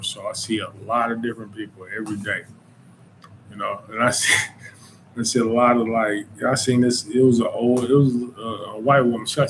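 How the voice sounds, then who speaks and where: A man's voice: lowish voice, a little hiss or hum, low-quality recording. A man from North Carolina with a Southern accent hosting a podcast, talking in a loose casual monologue full of "you know" and "man". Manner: informal Southern speech. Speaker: podcast host.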